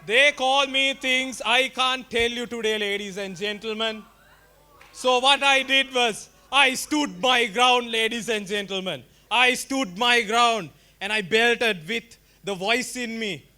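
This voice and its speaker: A young man tells a stand-up story in a loose, rambling, self-mocking way. His voice sits very high and sounds bright and forceful, and he keeps turning to address the crowd directly. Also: slow pace. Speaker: stand-up comedian.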